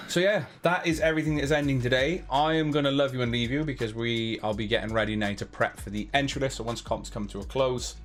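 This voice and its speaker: A man's voice: mid-range voice, fast talker, few pauses. Give me a chatty male live-stream host with a mid-range voice and faint music in the background. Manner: chatty, laughs often, slips into put-on accents. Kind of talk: casual live-stream chat.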